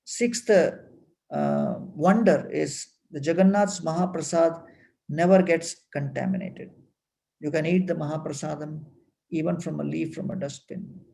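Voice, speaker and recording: A man giving a devotional talk, explaining temple wonders in an unhurried way with frequent fillers. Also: on the high side, creaky, warm tone, low-quality recording. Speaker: temple speaker.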